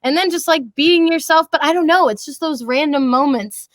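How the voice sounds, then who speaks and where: A woman in her twenties, a voice actress talking as a podcast guest, lively and laughing often, slipping into character voices. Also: sits high, moderate pace, dry recording. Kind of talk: casual podcast interview.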